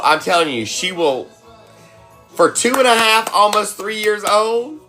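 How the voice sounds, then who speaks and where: A woman's voice: lowish voice, bright, forceful tone. A woman hosting a casual cooking livestream from home, teasing and laughing often as she chats. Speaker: cooking livestream host and mom. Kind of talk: casual live-stream chat. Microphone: phone.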